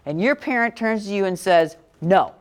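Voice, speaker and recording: A middle-aged woman gives a parenting lesson to a classroom. She speaks directly and keeps firing questions at her students. Her voice sits at an everyday middle pitch. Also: animated, brisk, slight background noise. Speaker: parenting educator. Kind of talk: classroom talk.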